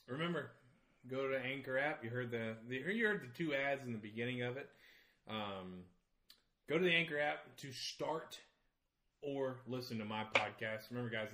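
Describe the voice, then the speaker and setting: A man's voice: mid-range voice, pushed and bright, roomy sound. A man with a Southern accent hosting a podcast, chatting casually in a rambling, joking, profane way. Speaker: podcast host.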